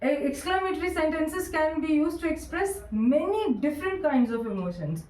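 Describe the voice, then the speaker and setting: Woman, Indian English accent, grammar teacher, fairly high voice, echoey classroom, mic set back from her. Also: lively intonation, darkish tone, far from the mic. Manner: encouraging teacher, dictating slowly with repeats. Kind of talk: recorded classroom lecture. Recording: roomy echo, voice from away from the mic.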